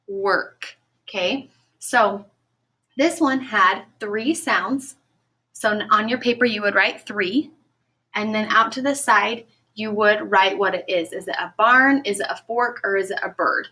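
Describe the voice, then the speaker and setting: A woman teaching a recorded phonics lesson to children, speaking clearly and encouragingly and stretching out the sounds of words. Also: mid-range voice, bright, forceful tone. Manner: slow, clear, encouraging classroom delivery.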